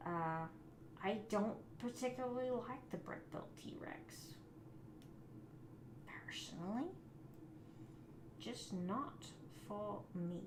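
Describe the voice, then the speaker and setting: A woman hosts a live building stream, talking slowly and half to herself. She often mutters softly while she works. Her voice rings in a roomy space over a faint background hum. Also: mid-range voice. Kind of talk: casual live-stream chat.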